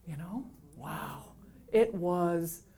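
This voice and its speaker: A woman's voice: on the low side, drawn-out words, warm tone, slightly rough. A middle-aged woman from Canada telling a self-deprecating story to an audience, laughing often and acting out the voices of the people she quotes. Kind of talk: anecdotal storytelling.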